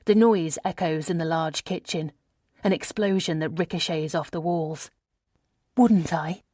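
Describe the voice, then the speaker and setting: A woman narrating a first-person audiobook in a measured, intimate storytelling manner on a close studio mic. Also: low voice, steady tone, mellow, no echo.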